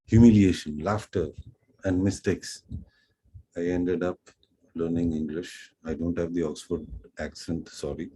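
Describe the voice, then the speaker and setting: Deep, slow-spoken man with an Indian accent. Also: warm tone, a little hiss or hum, rough recording. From Pondicherry, India. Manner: unhurried, self-deprecating, acts out quoted dialogue. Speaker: French teacher. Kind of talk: storytelling lecture.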